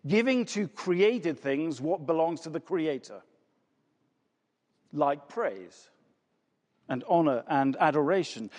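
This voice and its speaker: A man's voice: sits high, darkish tone. A man preaching a sermon with emphasis, asking rhetorical questions and repeating words for effect. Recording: long reverb of a large hall.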